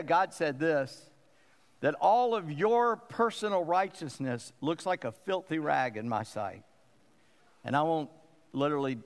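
Higher-voiced preacher in reverberant church. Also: male voice. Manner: emphatic, repeats phrases for stress. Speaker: pastor. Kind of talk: sermon.

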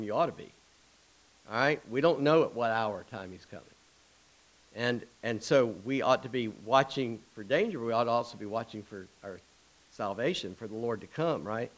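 A middle-aged man preaching in a folksy way, mixing anecdotes with scripture. His pitch sits in an ordinary middle range for a man. He talks in loose storytelling runs with quick asides. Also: a bit bright, low-quality recording. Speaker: pastor. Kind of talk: sermon.

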